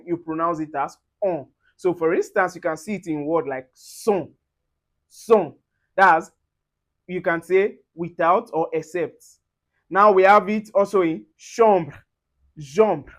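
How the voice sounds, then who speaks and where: Male French tutor, slow careful repetition in a pronunciation lesson. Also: sits high.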